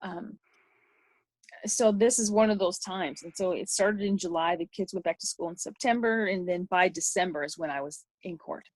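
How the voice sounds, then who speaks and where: A woman's voice: on the low side, normal speed, no room sound. A middle-aged woman, a podcast guest, telling a personal story in a rambling way with many restarts.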